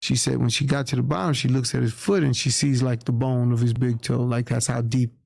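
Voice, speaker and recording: A man's voice: mid-range voice, fairly even intonation, a little fast, creaky, darkish tone, no echo, studio quality. A man from New York, a guest in an interview, telling a story in a candid, plain-spoken way and acting out what others said. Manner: candid, plain-spoken, acts out quoted voices. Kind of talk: casual storytelling.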